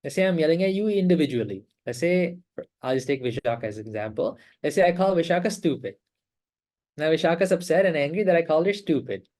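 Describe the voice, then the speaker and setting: A man leading an online meditation class over a video call, explaining calmly with repeated phrases and rhetorical questions. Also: a little high, fast talker. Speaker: meditation teacher.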